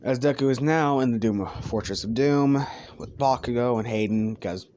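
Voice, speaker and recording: A man's voice: medium pitch, normal speed, darkish tone. A young man casually narrating a fan-fiction story in a crude, joking, rambling way.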